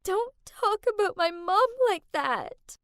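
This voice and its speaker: A woman voicing a hurt young woman who stammers through tears in an animated story. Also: very high voice, takes it slowly, dry recording, studio quality, pitched above the performer's own voice, exaggerated voice. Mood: tearful. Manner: stammering, tearful.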